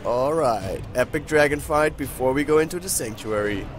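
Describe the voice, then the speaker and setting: A young man hosting a casual let's-play, excitable and chatty with his viewers, with a hoarse voice that keeps cracking. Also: mid-range voice, normal speed, music in the background. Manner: excitable, talks to viewers while playing. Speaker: gaming channel host.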